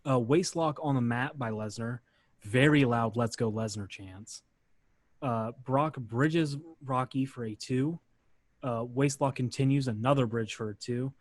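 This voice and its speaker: Relaxed man recapping in a dry room. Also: medium pitch, measured pace, no room sound. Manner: relaxed, filler-heavy narration. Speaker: podcast host. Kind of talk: casual play-by-play recap.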